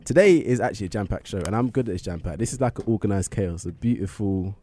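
A man's voice: on the low side, lively intonation, quick pace, warm tone. A man hosting a radio show from a studio, chatting and joking casually with his guest. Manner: chatty, joking, laughs easily.

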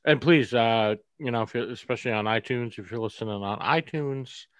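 A man's voice: medium pitch, fairly quick, no echo. A man co-hosting a casual podcast, dry and sarcastic, swearing casually. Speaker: podcast co-host. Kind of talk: casual chat.

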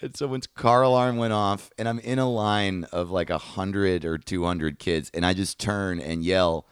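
A man from New York, a comedian guest on a podcast, telling stories in an animated, swearing way with acted-out quotes. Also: low voice, measured pace, few pauses, clear, resonant tone, no echo, clean studio sound. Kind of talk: podcast storytelling chat.

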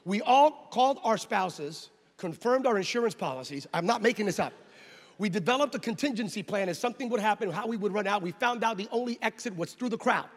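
Animated pastor in a reverberant hall. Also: male voice, sits high, brisk. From United States. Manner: animated, acts out scenes and voices, loud exclamations. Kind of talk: storytelling sermon.

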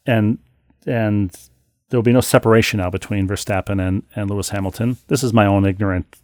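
A podcast co-host reads listener mail aloud, then launches into a story told in a wry, animated way, restarting often. His voice is on the low side and fairly quick, recorded on a close studio mic with no room sound.

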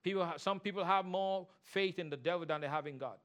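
A man preaching a sermon as pastor, animated, mimicking people and singing snatches of a hymn. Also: high voice, fast, clean tone. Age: adult.

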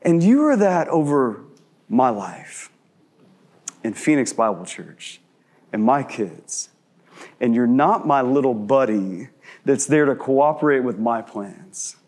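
A man in his thirties preaching a sermon in a conversational way, asking many rhetorical questions and dropping to slow, hushed emphasis on key words. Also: medium pitch, lively intonation. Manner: shifts between quick asides and slow, hushed emphasis. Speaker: pastor.

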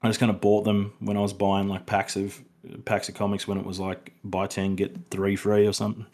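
A man co-hosting a casual film review podcast. His voice sits on the low side, and he rambles, circling back with fillers and restarts as he talks. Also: completely flat delivery, fairly quick, darkish tone. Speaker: podcast co-host.

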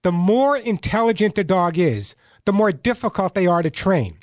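A man's voice: high voice, animated, moderate pace, no room sound. A man hosting a call-in pet radio show, giving emphatic, coaching advice to callers as a dog trainer. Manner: emphatic, coaching, repeats key points.

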